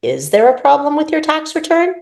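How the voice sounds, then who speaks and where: A woman's voice: low-pitched, sing-song, a little slow, full character voice. A woman voicing a mild-mannered short bald man with light magic in a read-aloud story, talking in a mild, chatty way.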